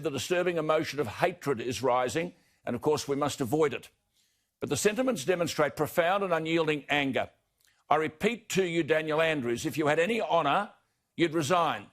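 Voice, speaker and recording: An Australian man delivering an indignant broadcast opinion editorial, slowing down to hammer home key words. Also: mid-range voice. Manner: indignant, emphatic, slows for stressed words. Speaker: broadcast commentator.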